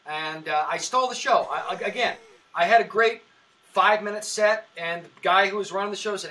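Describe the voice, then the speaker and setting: A man's voice: high voice, brisk, pushed and bright, recorded from a distance, rough recording. A man who works as a comedian, chatting as a podcast guest and telling long, rambling stories, often restarting his sentences. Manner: rambling storytelling with frequent restarts. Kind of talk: casual podcast chat.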